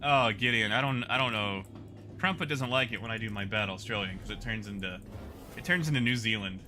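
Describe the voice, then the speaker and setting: A man's voice: lowish voice, brisk, pushed and bright, soft background music. A man streaming a game, chatting casually and rambling in a self-mocking way.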